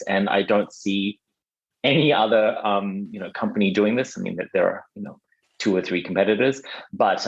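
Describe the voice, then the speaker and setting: A man, a podcast guest answering interview questions in a relaxed way, with frequent laughs and fillers. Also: lowish voice, gravelly, lo-fi sound. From Australia. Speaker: podcast guest, marketing agency founder.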